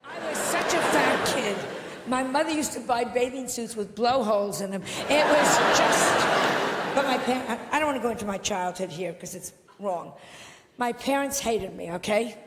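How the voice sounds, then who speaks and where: A woman's voice: fairly high pitch, normal speed, over a noisy crowd, very noisy. A woman doing brash, exaggerated stand-up comedy in a large theatre. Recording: echoey theatre with audience.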